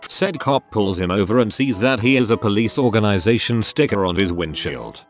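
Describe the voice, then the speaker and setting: A man's voice: on the low side, normal speed, faint music behind. A man reading online stories aloud as scripted narration, slipping on words now and then.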